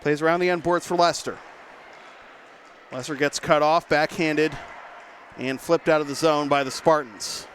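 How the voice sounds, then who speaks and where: A play-by-play commentator with a slightly high voice covers a hockey game live from a rink press box. He sounds a touch winded at first, his delivery is fast and lively, and there's a little hiss or hum.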